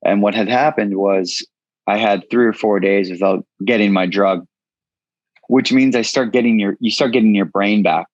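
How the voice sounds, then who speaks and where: A man's voice: on the low side, moderate pace, no room sound, highs cut off. A man in his thirties, a guest in an interview, telling his story frankly and casually, swearing freely. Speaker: guest, entrepreneur.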